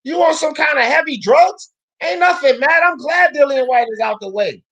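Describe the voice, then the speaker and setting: A woman's voice: sits high, lively intonation, moderate pace. Ranting, foul-mouthed woman boxing host. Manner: loud, profane, ranting, often shouting. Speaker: sports talk show host. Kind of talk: heated boxing commentary rant.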